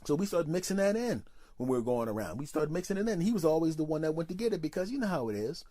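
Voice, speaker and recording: A man ranting through a comic story on his podcast, brash and profane, with a fairly high voice for a man. He swings into quick voices for his friends, and the sound is dry and close. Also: very animated, dark tone, no echo. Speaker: comedian podcast host. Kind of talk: storytelling comedy monologue.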